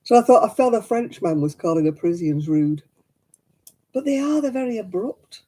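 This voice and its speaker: A middle-aged woman chats casually at home, telling stories as she works on her crafts. Her voice is warm and a little raspy, and it rises and falls a great deal. She laughs easily between her stories. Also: mid-range voice, animated, moderate pace, poor audio. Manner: chatty and anecdotal, laughs often. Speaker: craft vlogger. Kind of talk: casual chat while crafting.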